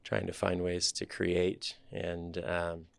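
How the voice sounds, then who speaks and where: A man in his thirties, a startup CEO guest on a podcast interview, telling his story in a relaxed, candid, thoughtful way. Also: low voice, slow, gravelly, dry recording.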